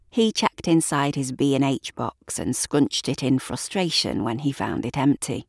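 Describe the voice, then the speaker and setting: A woman narrating a dark story in a measured, deliberate way. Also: low-pitched, gravelly, no room sound, studio quality. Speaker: audiobook narrator. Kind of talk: scripted narration.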